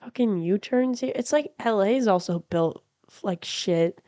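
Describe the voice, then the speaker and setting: A woman chatting as a podcast guest in a house, animated and blunt, swearing freely. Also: medium pitch, normal speed, no echo. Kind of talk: casual chat.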